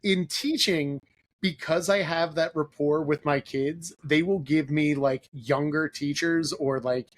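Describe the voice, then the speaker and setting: A man's voice: a little high, fairly even intonation, a little slow. A man hosting a podcast interview, talking casually and rambling with lots of "like" fillers. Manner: rambling, filler-heavy, leans on "like". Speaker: podcast host.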